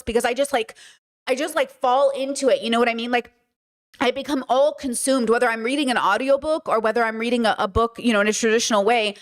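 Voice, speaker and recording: A podcast host with a fairly high voice runs a livestream, reading chat comments and answering them emphatically and with animation. Her speech is packed with fillers like "you know what I mean."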